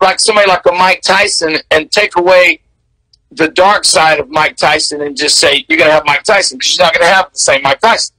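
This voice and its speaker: High bright-voiced man in his 60s. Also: dry recording, rough recording. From American South. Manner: animated, candid, laughs between memories. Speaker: interview guest. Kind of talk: storytelling in casual interview.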